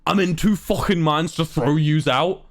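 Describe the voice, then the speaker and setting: A man's voice: fairly high pitch, moderate pace, close to an everyday voice. A man voicing an angry, fed-up hotel desk man with a Liverpool (Scouse) accent who scolds and swears. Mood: angry scolding.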